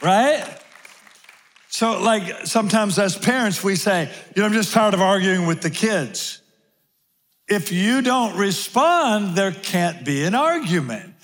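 A man preaching a sermon to a gathered congregation. He repeats key phrases slowly for emphasis. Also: high voice, lively intonation, fairly bright tone, long reverb tail, a faint crowd. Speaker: pastor. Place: large room with audience.

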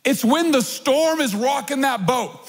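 A high-voiced, husky male pastor preaches in a loose, conversational way. He slips into other voices to act things out. The sound carries a long reverb from a large church hall. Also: animated, unhurried. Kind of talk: sermon.

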